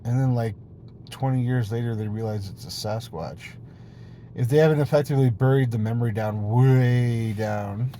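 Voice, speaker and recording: A man's voice: medium pitch, normal speed, mellow, a little hiss or hum. A man rambling playfully in a casual monologue video, jumping between topics and swearing freely. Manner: playful, silly tone. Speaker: vlogger.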